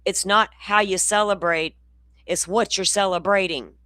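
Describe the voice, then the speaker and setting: A woman's voice: mid-range voice, fairly even intonation, unhurried, a bit bright, no room sound. A woman host giving blunt, profane, sarcastic commentary on clips.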